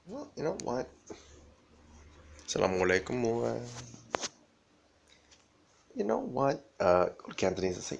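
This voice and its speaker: A man's voice: medium pitch, wildly swooping pitch, unhurried, gravelly, pauses often, muffled recording. A man rambling through a profane monologue, often laughing as he talks.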